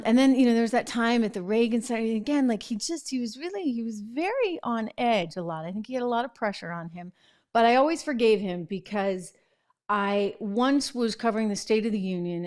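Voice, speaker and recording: A woman's voice: mid-range voice, darkish tone. A middle-aged woman host chatting and telling a story in casual commentary. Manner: chatty storytelling with fillers and laughs.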